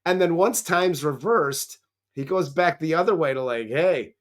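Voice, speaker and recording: A man's voice: fairly high pitch, moderate pace. A man co-hosting a movie review, retelling the plot in a casual, profane, joking way. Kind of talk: casual comedic film recap.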